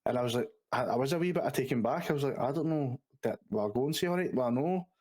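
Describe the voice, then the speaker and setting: A man's voice: medium pitch, lively intonation, quick pace, darkish tone. A man co-hosting a casual podcast, chatty and laughing.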